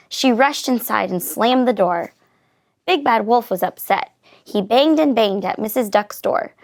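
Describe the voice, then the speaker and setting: Woman reading a kids book out loud, expressive, kinda high and gravelly. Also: measured pace. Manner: expressive, lively storytelling. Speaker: reader. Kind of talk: reading a picture book aloud.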